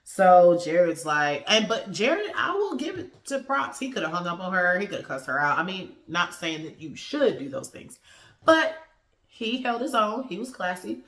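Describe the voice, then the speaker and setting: A woman's voice: on the low side, big pitch swings, normal speed, a bit bright, roomy sound. A woman giving a casual, slangy review of a TV episode and acting out the characters' lines as she goes.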